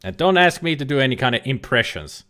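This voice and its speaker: A man's voice: medium pitch, sing-song, quick pace, sharp tone. Chatty man streaming a game. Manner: chatty, rambling, jokey, occasional swearing. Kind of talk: casual let's-play commentary.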